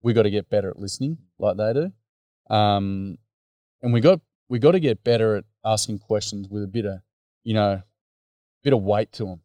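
A man's voice: fairly low pitch, normal speed, dark tone, no room sound. A man with an Australian accent, a teacher and mentor, telling stories as a podcast guest in a casual, blokey way full of fillers and "mate". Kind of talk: storytelling in a podcast interview.

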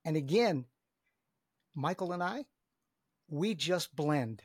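A man's voice: fairly high pitch, lively intonation, slow pace, a little mellow, breathy edge, no room sound, clean studio sound. A middle-aged man, a business coach talking as a podcast guest, enthusiastic and emphatic, often repeating his words. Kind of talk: energetic podcast conversation.

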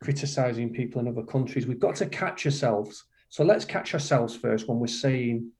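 In a podcast interview, a middle-aged man from the UK talks at normal speed in a warm, mellow voice pitched in the typical male middle range. Like a motivational coach, he calls the listener "man," speaking passionately and emphatically and repeating his key phrases.

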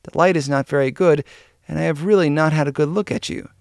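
A man voicing a gentle, kindly elderly bishop who speaks calmly and softly. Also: on the high side, vocal fry, no echo, clean studio sound. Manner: gentle, measured. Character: gentle elderly male bishop, calm and kind.

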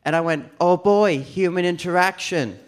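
High-voiced man telling a stand-up story. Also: moderate pace. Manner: animated, acts out voices of people in the story. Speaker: stand-up comedian. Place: comedy club stage before a live audience.

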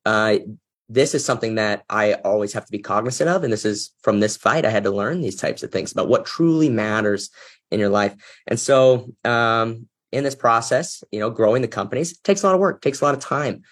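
A business executive appearing as a guest on an interview podcast tells a personal story with earnest reflection, sometimes growing emotional. His voice is fairly low, expressive and brisk.

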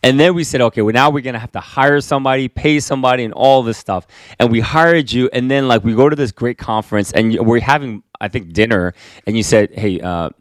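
A man's voice: mid-range voice, quick pace, dry recording, studio quality. A man, a pastor, talking earnestly in a casual conversation, telling stories with many restarts. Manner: earnest, animated storyteller with frequent restarts.

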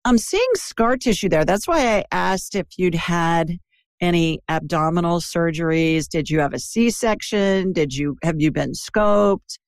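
A woman's voice: low-pitched, dry recording, clean studio sound. A woman from Ohio hosting a call-in show, chatty and digressive, talking to a caller. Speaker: intuitive show host. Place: Birmingham.

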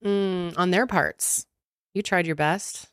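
A woman's voice: on the low side, slow, clean tone, no echo, studio quality. A woman co-hosting a podcast, chatting casually and laughing often in a playful, teasing way. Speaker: podcast co-host. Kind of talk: casual chat.

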